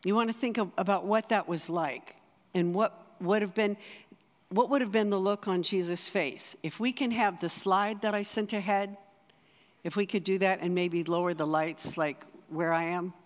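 A spiritual director giving a conversational, earnest sermon, often restarting phrases and slowing for emphasis. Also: mid-range voice, fairly even intonation. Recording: long reverb of a large hall.

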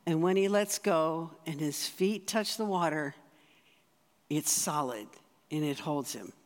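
A spiritual director giving a conversational, earnest sermon, often restarting phrases and slowing for emphasis. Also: mid-range voice. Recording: long reverb of a large hall.

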